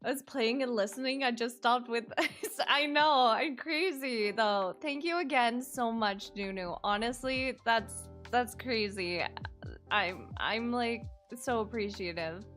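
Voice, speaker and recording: A young woman streamer chatting casually with her viewers, excitable and quick to squeal minced oaths. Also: fairly high pitch, soft background music. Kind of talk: casual live-stream chat.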